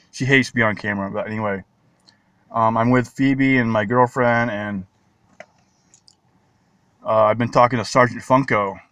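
A man vlogging excitedly about toy finds at a mall, talking slowly but leaping into high squeals and baby talk. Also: no echo. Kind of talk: excited casual vlog. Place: shopping mall.

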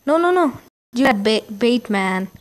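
Excitable woman commentating gameplay. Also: fairly high pitch, measured pace. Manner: excitable, exclamatory reactions.

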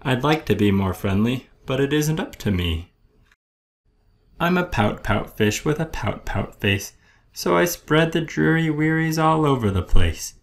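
Man plays a sulky male cartoon fish: gravelly, unhurried, rhyming sing-song. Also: mid-range voice, expressive, pitched above the performer's own voice. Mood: glum. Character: glum grumpy male pout-pout fish.

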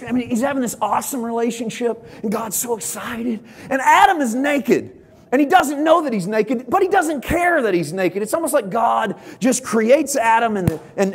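Husky, high-pitched animated preacher. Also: male voice. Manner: storytelling, playful, swells to shouts at peaks. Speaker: pastor. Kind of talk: sermon.

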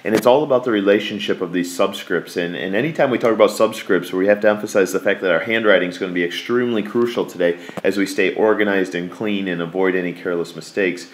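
A man's voice: sits low, quick pace, few pauses. A man teaching a math lesson in a folksy way, repeating key words for emphasis. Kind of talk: classroom lecture.

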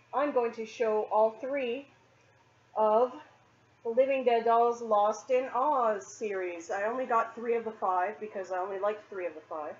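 In a muffled recording, a woman with a mid-range voice films a show-and-tell vlog in her condo. She collects dolls, is sweaty from cleaning, and chats in a rambling, self-deprecating, casual way.

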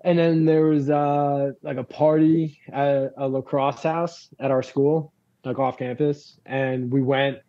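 A man's voice: medium pitch, flat delivery, slow, no room sound, muffled recording. A young man from Long Island with a local accent, a band frontman telling stories in a casual interview, rambling and swearing freely, with lots of fillers. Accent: Long Island New York.

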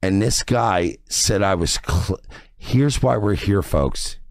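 A man's voice: sits low, lively intonation, slow, no echo, studio quality. A drunk man on his stream, whining in an aggrieved tone about being wronged. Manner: whiny, aggrieved, slurring. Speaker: streamer in clip.

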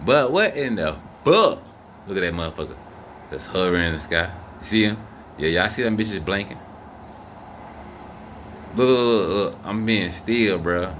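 A man filming the night sky on his phone outdoors, giving excited and profane running commentary to his viewers. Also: sits low, normal speed, pauses often. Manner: animated, profane, incredulous, talks to viewers. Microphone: phone camera. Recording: noisy outdoor phone recording. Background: crickets and insects, passing vehicles.

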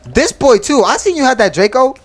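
Excitable teen boy gamer, lively pitch. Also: fairly quick, soft background music. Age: teens. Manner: loud, excitable, slangy banter. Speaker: Roblox voice-chat streamer. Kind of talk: casual gaming voice chat.

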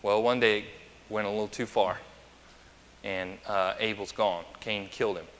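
A male pastor gives a chatty, anecdotal sermon and puts questions to his congregation. His voice is fairly low yet crisp and forceful. It rings out with a long reverb in a church sanctuary. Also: steady tone, normal speed, a little hiss or hum. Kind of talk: conversational sermon.

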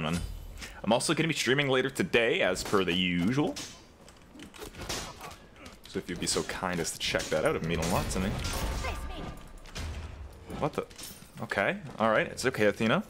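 A man's voice: fairly low pitch, very animated, normal speed, pauses often, fairly bright tone, a little hiss or hum. A young man giving live commentary over his own game, trash-talking opponents and joking with heavy profanity. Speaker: gaming content creator.

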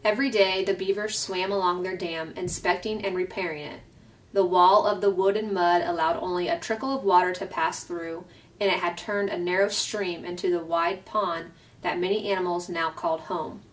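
A woman's voice: on the low side, steady tone, normal speed. Woman reading a storybook aloud. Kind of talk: reading a children's novel aloud. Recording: voice picked up from a distance.

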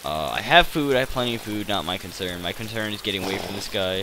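A man talks over his gameplay in a rambling, hesitant way, full of fillers and self-deprecating asides. His voice sits low. Steady rain noise from the game hisses clearly behind him. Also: fast talker, hardly any pauses. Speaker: gaming channel host.

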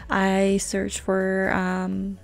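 Female tutorial host, chatty and rambling, slight vocal fry, light music underneath. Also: mid-range voice, monotone, very slow. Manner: chatty, rambling, self-teasing. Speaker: gaming channel host. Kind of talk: casual screen-recorded tutorial. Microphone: desk microphone.

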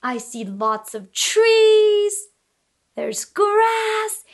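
A woman who is a bilingual speech therapist, teaching toddlers slowly in a sing-song, exaggerated way and making animal sounds. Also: extremely high pitch, sing-song. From United States. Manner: sing-song, exaggerated, switches between English and Spanish.

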